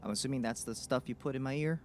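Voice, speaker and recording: A man's voice: racing, slight background noise. A man playing a tabletop game, speaking in character with lots of stammers and restarts. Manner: animated, stammering, swinging in pitch. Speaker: player. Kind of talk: in-character tabletop role-play.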